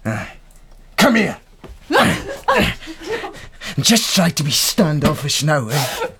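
An actor playing a coarse, bullying soldier home on leave, speaking with a Scottish accent in a crude, domineering way. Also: male voice, a little high, big pitch swings, takes it slowly, background noise, heavily acted. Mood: contemptuous.

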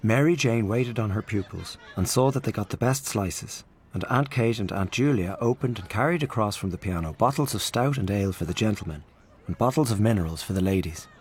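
A man narrates a literary story in a measured, expressive way. His voice sits on the lower side, and his intonation rises and falls a great deal. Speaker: audiobook narrator.

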